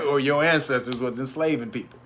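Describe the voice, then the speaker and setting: Bright-voiced, laughing, profane man. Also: mid-range voice, animated, moderate pace, a little hiss or hum. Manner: rambling, profane, laughs a lot. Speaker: host. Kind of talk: casual livestream monologue.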